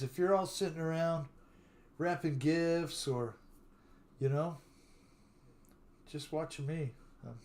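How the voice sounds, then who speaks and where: A man's voice: on the high side, darkish tone, slight background noise. An older man hosting a live stream, telling stories in a casual, drawling way and greeting viewers by name. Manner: chatty storyteller who greets viewers by name; drawling, unhurried talk.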